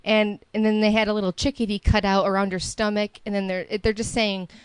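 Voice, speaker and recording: A woman in her thirties co-hosting a podcast, excitable and gossipy, swearing casually in chat. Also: mid-range voice, a little fast, smooth, no echo. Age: 30s. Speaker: podcast co-host.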